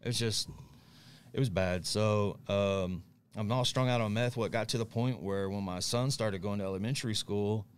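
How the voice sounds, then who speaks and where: Deep-voiced man telling a raw story. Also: normal speed, clean tone. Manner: blunt, candid storytelling with frequent "right?" and "um". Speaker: guest. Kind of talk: recovery story in casual conversation.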